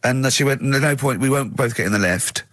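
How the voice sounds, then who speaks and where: A man's voice: mid-range voice, fast, fairly bright tone, no room sound. A man hosting a radio show, chatting casually in a studio and acting out dialogue in put-on voices. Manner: acts out dialogue in put-on voices, laughs often. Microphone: studio microphone.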